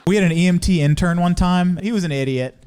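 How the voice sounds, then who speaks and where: Man, stand-up comic, deadpan, slightly high voice, stage mic. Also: quick pace, slight background noise. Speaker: stand-up comedian, EMT. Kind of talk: stand-up comedy set. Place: comedy stage with live audience.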